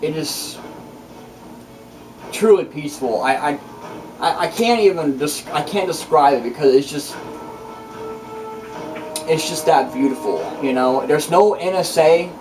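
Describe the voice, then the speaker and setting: A man's voice: a little high, a little slow, pauses often. Rambling, cursing man, distant mic with music. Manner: boastful, profane, rambling with restarts. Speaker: channel host. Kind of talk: rambling casual vlog monologue.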